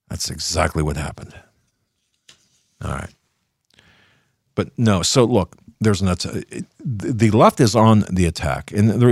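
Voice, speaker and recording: Fiery older male talk host, very deep voice. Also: vocal fry, husky, no room sound, studio quality. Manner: fiery, swings from low mutter to shouting. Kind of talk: opinionated commentary.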